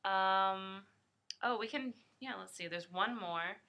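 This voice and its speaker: A woman's voice: mid-range voice, takes it slowly, pushed and bright. A woman hosting a casual podcast, blunt and swearing freely, often trailing off into fillers. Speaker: podcast host.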